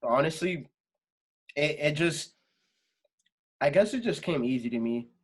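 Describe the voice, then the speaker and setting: A man's voice: fairly high pitch, animated, a little slow, slightly rough. A young adult man, a singer guest on a podcast, talking casually and rambling with lots of fillers and swearing. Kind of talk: casual interview chat.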